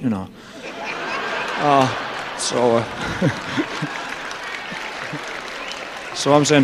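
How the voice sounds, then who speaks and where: A man's voice: medium pitch, measured pace, pauses often, crowd noise. Man rambling onstage, live hall. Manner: loose, joking, drawling, full of "you know" and "man". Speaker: entertainer telling his career story on stage. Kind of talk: rambling onstage storytelling monologue. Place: large live venue with audience laughter. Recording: live concert recording with long hall reverb and faint noise.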